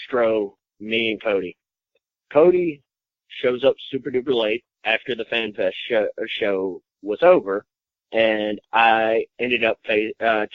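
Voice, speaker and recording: Brief: male wrestler guest, lowish voice, rambling swear-heavy storyteller, dull dry lo-fi sound. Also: dry recording. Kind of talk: casual storytelling in an interview.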